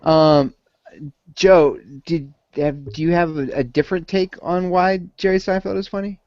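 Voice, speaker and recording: A man hosting a comedy panel game, calling on contestants in a brisk, dry way. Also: fairly high pitch, steady tone, a little mellow, dry recording. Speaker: game show host. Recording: muffled lo-fi recording.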